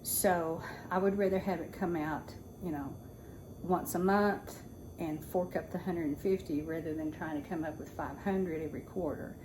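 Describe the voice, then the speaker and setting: A woman's voice: deep voice, fairly even intonation, normal speed. A woman in her sixties, a retired teacher, ranting casually at home in a talkative, exasperated way with sarcastic asides. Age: 60s. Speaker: vlogger. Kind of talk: casual rant. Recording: noticeable background noise.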